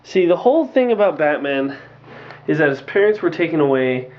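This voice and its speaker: Excitable rambling young guy, lo-fi audio. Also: a little high, brisk, slight background noise. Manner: rambling, excitable, lots of fillers and restarts. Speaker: movie reviewer. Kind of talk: casual spoken movie review. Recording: dull lo-fi home recording.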